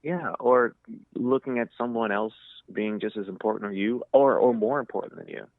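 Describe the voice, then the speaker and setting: A man's voice: medium pitch, moderate pace, no room sound. A man, a podcast guest, telling stories in a casual chat and acting out the people he quotes. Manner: lively storyteller, acts out quotes. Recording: thin phone-like sound, dry.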